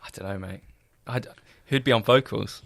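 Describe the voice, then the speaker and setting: A man co-hosting a podcast, telling stories in a quick, animated way. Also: mid-range voice, creaky, no echo. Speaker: podcast host. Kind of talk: casual podcast chat.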